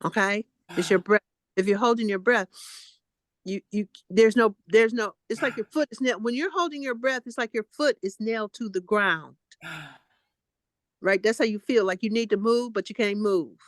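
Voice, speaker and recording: A woman's voice: fairly high pitch, normal speed, dry recording, clean studio sound. Coaxing woman guiding others to breathe. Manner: warm, coaxing, calls people honey and baby. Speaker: co-host. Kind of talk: supportive group talk, coaching breathing.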